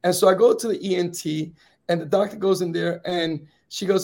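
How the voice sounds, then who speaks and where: A man telling his personal story as an interview guest, earnest and grave in the quiet moments, building to rousing encouragement, with a slightly raspy voice. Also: high-pitched, fairly even intonation, fairly quick. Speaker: guest speaker.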